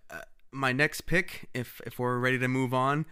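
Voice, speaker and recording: A man co-hosts a casual music podcast with a bright, forceful tone and a smooth, resonant voice. He rambles and restarts his sentences often, laughing easily as he talks. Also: mid-range voice, fairly even intonation, moderate pace. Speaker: podcast co-host. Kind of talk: casual chat.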